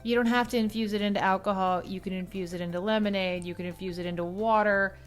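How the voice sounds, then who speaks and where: A woman's voice: medium pitch, fairly even intonation, quick pace, soft background music. Chatty woman hosting a cocktail vlog. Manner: chatty, loose with fillers and asides. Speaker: cosplay cocktail host. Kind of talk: casual chatty explainer.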